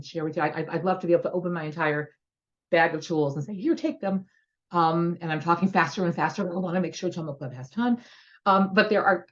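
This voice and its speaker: A woman's voice: deep voice, dull audio. A woman educational consultant eagerly explaining her methods on a video-call panel.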